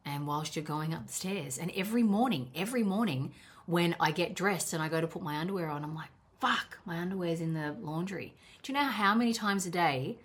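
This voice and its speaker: Low-voiced Australian woman coach. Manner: candid, swears freely, laughs at herself. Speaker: life coach. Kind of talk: casual monologue.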